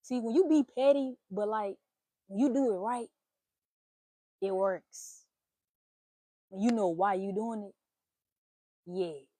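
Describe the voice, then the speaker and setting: Animated, blunt woman with a mellow voice. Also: medium pitch, takes it slowly, pauses often, no room sound. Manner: animated, swearing, playful exclamations. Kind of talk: casual spiritual reading monologue.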